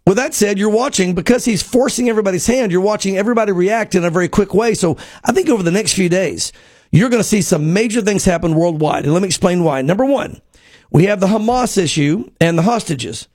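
A man's voice: high-pitched, a little fast, darkish tone, no echo. A man giving conversational news commentary as a guest, earnest and speculative, laying out his points one by one.

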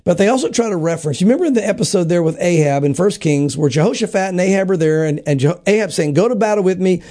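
A man, a pastor, teaching the Bible in a podcast conversation, acting out scripture dialogue in quick quoted voices and often restarting his sentences. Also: high voice, animated, mellow. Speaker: pastor, show regular.

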